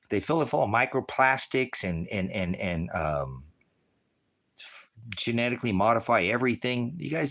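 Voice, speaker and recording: A man hosting a ministry channel, ranting to his viewers from an off-grid homestead, heated and profane, bursting into shouts. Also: lowish voice. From United States.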